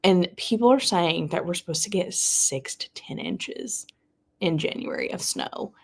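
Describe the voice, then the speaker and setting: A woman's voice: on the low side, expressive, a little slow, gravelly, husky. Southern woman, young, bubbly livestream host chatting with her viewers. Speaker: booktuber hosting a live reading sprint. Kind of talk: casual livestream chat.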